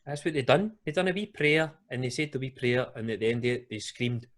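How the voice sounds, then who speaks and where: A Glaswegian Scottish man hosting a casual podcast, telling a story in loose, colloquial speech. His voice sits at an ordinary middle pitch, and he laughs often as he talks. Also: animated, fairly quick, a bit bright. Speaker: podcast host.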